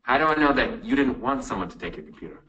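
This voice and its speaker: A man's voice: mid-range voice, expressive, quick pace, bright, forceful tone, muffled recording. An actor playing a sarcastic, condescending male police officer in a comedy sketch. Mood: mocking. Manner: mocking, condescending. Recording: roomy, distant video playback.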